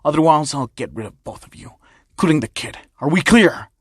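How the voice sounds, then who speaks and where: An arrogant, menacing gang boss, acted out by a male reader for a homemade story. He barks commands with open scorn, in a voice a little high for a man. The recording is dry and close. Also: expressive, a little fast, breathy edge, no room sound. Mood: scornful. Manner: barking orders, scornful.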